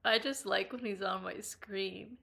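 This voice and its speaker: A young Irish woman talks casually to her live-stream audience in a bright, forward voice. She giggles often and swears freely. When something delights her, she breaks into excited squeals. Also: medium pitch, unhurried, gravelly. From Ireland. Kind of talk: casual chat, reading live chat.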